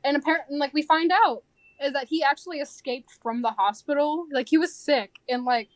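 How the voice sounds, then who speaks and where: A young woman co-hosting a podcast in casual chat, telling work stories in an animated way and acting out the people in them. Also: high voice, fairly quick, no room sound. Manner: animated storytelling, acts out quoted people. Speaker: podcast co-host.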